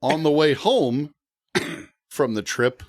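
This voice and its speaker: A man telling a funny story as a podcast guest, animated and often laughing. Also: a little high, slow pace, dry recording, clean studio sound. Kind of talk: casual storytelling.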